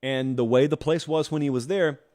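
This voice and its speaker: A man hosting a sports talk show, talking straight to his viewers in an animated, sarcastic monologue. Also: fairly high pitch, moderate pace. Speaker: host.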